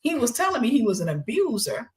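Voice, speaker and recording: A woman host with a fairly high voice talks briskly, telling a personal story in a casual, animated way. She switches into other people's voices when quoting them and sometimes drops to a soft near-whisper.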